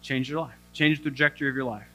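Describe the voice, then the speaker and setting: A man's voice: mid-range voice, steady tone, quick pace, pushed and bright, slight background noise. A young adult male pastor giving a sermon, telling a self-deprecating story with humor.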